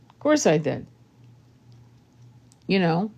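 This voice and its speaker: A woman's voice: mid-range voice, normal speed, long pauses, warm tone. A woman tarot reader giving blunt, profane relationship advice in a casual monologue.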